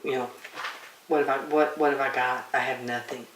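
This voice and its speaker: A woman's voice: a bass voice, fairly even intonation, recorded from a distance, a little hiss or hum. Woman, documentary testimony, stop-start delivery, echoey room, a little off-mic. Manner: halting, repeats words, trails off. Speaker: interviewee telling her own story.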